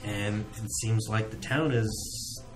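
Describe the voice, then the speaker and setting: A man's voice: on the low side, slow, music in the background. A man narrating as game master in a tabletop game, talking in a casual, joking way with lots of fillers.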